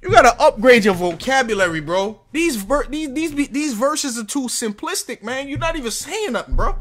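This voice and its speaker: Animated man roasting a song, bright and lively. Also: very high-pitched. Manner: animated, mocking, laughs often. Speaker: music reaction host. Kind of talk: comedic music reaction commentary.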